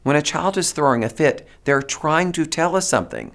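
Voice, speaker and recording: A man giving a presentation to teachers, animated and demonstrative, coaxing the audience to repeat phrases. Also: fairly high pitch, normal speed, vocal fry. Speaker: teacher trainer.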